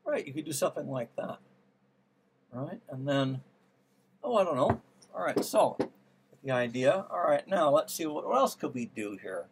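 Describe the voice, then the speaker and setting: A man's voice: a little high, sing-song, normal speed, pauses often, a little hiss or hum. A man teaching music theory, trying out ideas aloud and musing as he works through them. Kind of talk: thinking-aloud music lesson. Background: piano playing.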